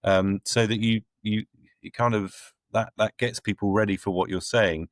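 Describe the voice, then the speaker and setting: A middle-aged man with a deep, low-pitched voice speaks as an interview guest. He talks bluntly and plainly, with dry, wry asides and firm opinions. The sound is close and dry, with no room echo. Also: steady tone, moderate pace. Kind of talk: conversational interview answers.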